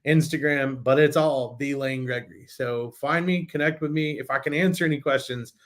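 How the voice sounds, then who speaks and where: A man as a guest in a casual interview, telling stories in an animated way with frequent restarts. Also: mid-range voice, normal speed.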